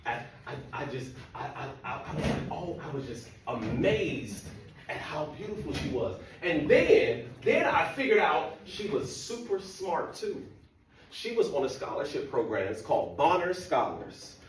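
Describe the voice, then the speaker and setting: A man's voice: a little high, big pitch swings, measured pace, a little hiss or hum. A man telling a funny, self-mocking story to an audience and talking to the crowd directly. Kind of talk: humorous storytelling talk. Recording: echoey hall from far off.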